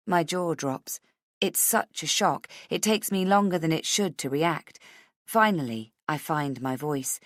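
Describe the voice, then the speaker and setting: Low-voiced woman narrating a thriller audiobook. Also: expressive, measured pace, no room sound, studio quality. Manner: tense, anxious inner voice. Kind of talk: scripted first-person narration.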